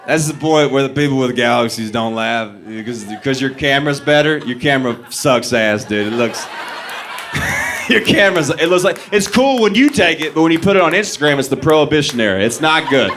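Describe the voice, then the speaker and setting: A man's voice: medium pitch, normal speed, some chatter behind. A young man doing stand-up on a club stage, rattling through stories and jumping into the voices of the people in them. He laughs at his own jokes as he goes, with a mid-range voice. A faint hiss of the room sits under the mic. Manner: animated storytelling, acting out quoted voices, laughing at own jokes. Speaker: stand-up comedian. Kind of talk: stand-up comedy set. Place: comedy club stage before a live audience.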